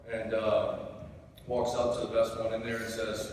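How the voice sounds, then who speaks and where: A man's voice: on the low side, monotone, measured pace. A man giving a eulogy for his father, telling a family story and retelling a joke with some laughter. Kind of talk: memorial speech, storytelling. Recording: echoey hall, distant mic, background noise.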